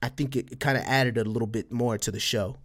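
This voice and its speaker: A man's voice: medium pitch, steady tone, quick pace. A man from El Paso with a Texas border accent and a slight Spanish twang, talking casually on a solo podcast and rambling through fillers and restarts. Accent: West Texas border, Spanish-tinged. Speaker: podcast host.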